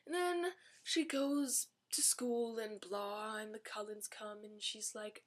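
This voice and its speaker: A woman's voice: medium pitch, moderate pace. A woman giving a casual, rambling movie review vlog with a sarcastic, chatty manner.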